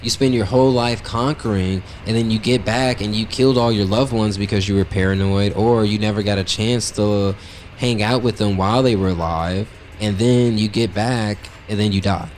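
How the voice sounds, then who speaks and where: A man's voice: lowish voice, moderate pace, a little mellow, slight background noise. A man telling a long personal story on his podcast in a blunt, profane, rambling way, peppering it with "like" and "right?". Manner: blunt, profane, brutally honest; loose and rambling, heavy with "like" and "right?". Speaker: podcast host. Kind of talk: casual storytelling monologue.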